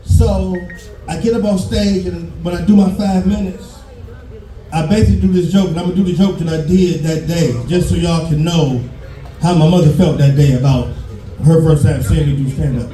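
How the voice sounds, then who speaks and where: Stand-up comic: raunchy, loud punchlines, echoey club heard from far off. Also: male voice, a little high, fairly even intonation, moderate pace. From Detroit, USA. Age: 50s. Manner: profane, loud, shouting punchlines. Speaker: stand-up comedian. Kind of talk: live stand-up set. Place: comedy club stage.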